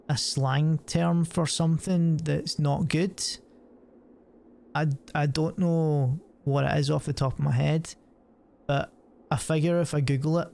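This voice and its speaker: A man's voice: on the high side, creaky, a little mellow. A man rambling and swearing casually while streaming a game. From Scotland. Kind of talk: casual gameplay commentary.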